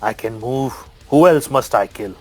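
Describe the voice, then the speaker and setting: A man's voice: mid-range voice, measured pace, a little mellow, soft background music, lightly acted. A man playing a zealous holy warrior who speaks in fervent, declaiming lines. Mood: devout.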